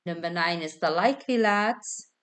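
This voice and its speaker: A woman's voice: fairly low pitch, normal speed, a bit bright. A woman hosting a casual online quiz over a video call from home, chatty, giggly and self-deprecating. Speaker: quiz host.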